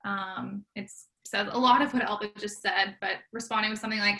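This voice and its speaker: A woman's voice: mid-range voice, fairly even intonation, moderate pace, few pauses, sharp tone. A woman participating in a group discussion who chimes in with friendly, helpful remarks.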